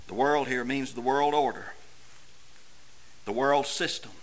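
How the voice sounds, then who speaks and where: A man preaching a sermon emphatically, moving between loud declaiming and low, intense passages, and addressing the congregation directly. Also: measured pace, low-quality recording.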